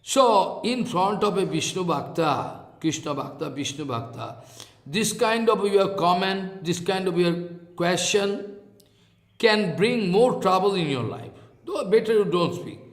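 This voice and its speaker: A man with an Indian accent giving a spiritual discourse, halting and repeating his phrases, now and then chanting verses. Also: high voice, lively intonation, roomy sound. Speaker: scripture teacher. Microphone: online talk.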